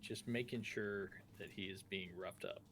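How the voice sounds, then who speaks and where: A man playing in a tabletop game, eager and loud as he describes what his character does. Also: fairly low pitch, moderate pace, slight background noise. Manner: eager, gets loud and excited. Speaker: player.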